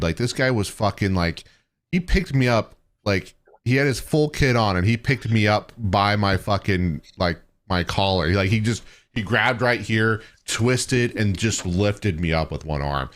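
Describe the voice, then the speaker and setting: A young man, a podcast co-host, telling a loose, profane story from his service days in casual chat. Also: deep voice.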